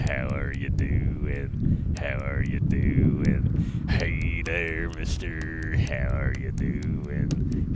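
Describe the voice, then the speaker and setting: An actor playing a man who keeps greeting a stranger in a slow, deep drawl, heard as a replayed clip with loud noise behind it. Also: full character voice.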